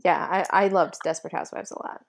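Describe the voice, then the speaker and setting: A woman's voice: on the low side, steady tone, fast, vocal fry. A woman co-hosting a podcast in a casual chat, easygoing, laughing often and talking with many fillers. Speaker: podcast co-host.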